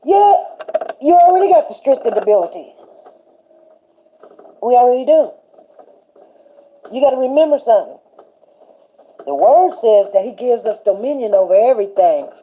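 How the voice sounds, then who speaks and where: Woman, livestream host, casual faith chat, animated and chatty, high voice. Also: husky. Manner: animated, chatty, laughs often, greets viewers by name.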